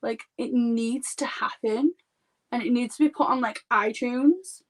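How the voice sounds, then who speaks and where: A Yorkshire makeup artist in her thirties chats casually on a live stream, rambling and saying "like" constantly. Her voice is fairly high and a little slow.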